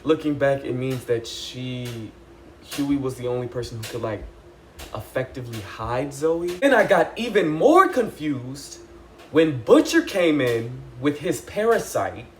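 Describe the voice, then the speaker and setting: Casting: young adult man, mid-range voice, excitable and chatty, casual TV recap. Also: mid-range voice, slow, slight background noise. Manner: excitable, animated, chatty with lots of "like" and "y'all". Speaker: TV recap vlogger.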